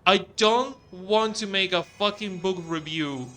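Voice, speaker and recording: A man's voice: high-pitched, unhurried, pushed and bright. A man giving casual, rambling gameplay commentary, with frequent swearing and restarts. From outside the US. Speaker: let's play host.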